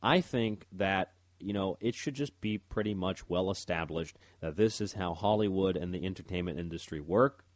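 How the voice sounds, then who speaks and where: Man, very low voice, rambling talk radio host, dry close mic. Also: moderate pace, few pauses, no echo. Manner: rambling, stumbles over words, reads articles aloud.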